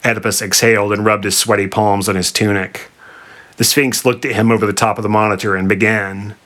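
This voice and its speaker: Man narrating a comic story, dry and bright. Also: fairly low pitch, level tone, moderate pace.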